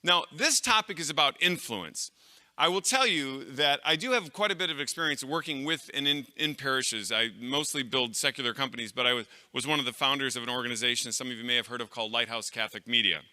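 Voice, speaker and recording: A man's voice: mid-range voice, fast talker, pushed and bright, big-room sound. A middle-aged man giving a live talk to an audience of clergy, conversational and anecdotal, with fillers and restarts. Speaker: conference speaker.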